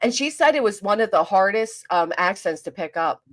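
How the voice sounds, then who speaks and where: A woman's voice: medium pitch, animated. Profane South Jersey woman streamer. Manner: profane, fast and clipped, teasing. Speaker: livestream host. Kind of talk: casual livestream chat reading comments.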